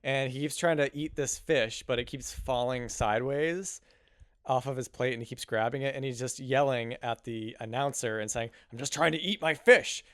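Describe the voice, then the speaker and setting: A man's voice: medium pitch, steady tone, moderate pace, clear, resonant tone, no echo, clean studio sound. A man co-hosting a casual podcast, talking in a rambling way with lots of fillers. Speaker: podcast co-host. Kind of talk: casual chat.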